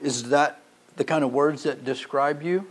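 A man preaching a sermon, telling stories and shifting between emphatic passages and quiet, low asides. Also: unhurried. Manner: storytelling, rising to emphatic passages then dropping quiet.

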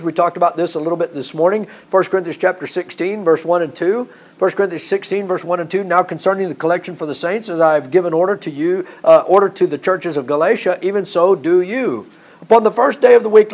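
A man preaching a sermon in an earnest way, often repeating himself and building to animated emphasis. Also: fairly high pitch.

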